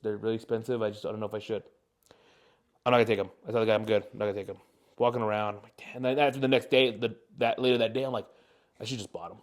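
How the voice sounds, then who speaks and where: A young man in his twenties, co-hosting a podcast and telling a long rambling story with lots of fillers. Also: lowish voice. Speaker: podcast co-host. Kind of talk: casual chat, storytelling.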